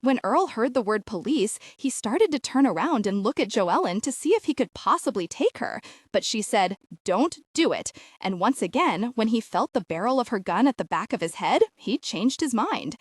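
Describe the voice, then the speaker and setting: A woman narrating a fiction audiobook with expressive storytelling. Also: on the high side, normal speed, breathy edge, dry recording, clean studio sound.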